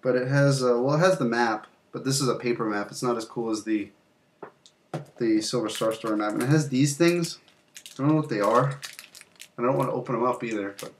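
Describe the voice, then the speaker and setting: A man's voice: mid-range voice, fairly quick, slight background noise. A young man hosting a casual video, showing off games from his collection in a loose, rambling way with fillers and some mild swearing. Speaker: channel host. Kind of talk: casual game collection show-and-tell.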